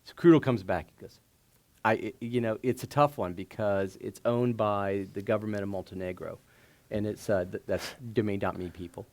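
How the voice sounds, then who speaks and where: A man telling stories onstage as a guest at a live event, animated and laughing often, with lots of fillers and restarts. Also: lowish voice, normal speed. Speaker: startup founder and guest. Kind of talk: casual onstage storytelling. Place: stage before a live audience.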